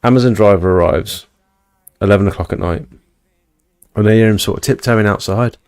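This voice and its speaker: A man's voice: fairly low pitch, fairly quick, darkish tone, clean tone. A man, hosting a livestream and telling a rambling, chatty story to his viewers at home. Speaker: livestream host. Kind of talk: casual storytelling to a live chat. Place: indoors at home.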